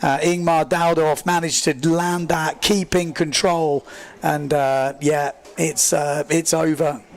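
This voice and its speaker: A man commentating a live race stream, excitable and chatty, joking at his own expense as he reads viewer comments. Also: on the high side, slow pace. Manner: excitable, chatty, self-deprecating, rambling with fillers. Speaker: livestream sports commentator.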